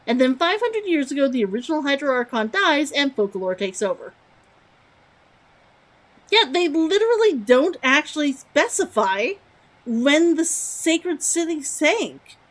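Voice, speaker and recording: High, lively-voiced woman streamer. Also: a little slow, poor audio. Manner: musing aloud, reading in-game lore text. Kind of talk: casual game-stream chat.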